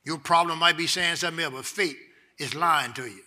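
Male pastor, high bright voice, preaches call-and-response, drops low to teach and rises loud to exhort. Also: a little fast. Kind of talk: sermon.

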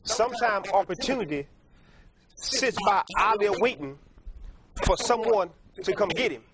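Unhurried and lively in intonation, a high-voiced male preacher gives a folksy, repetitive sermon, pausing to fix his own words and laughing at his stories. Behind him, the congregation adds crowd noise.

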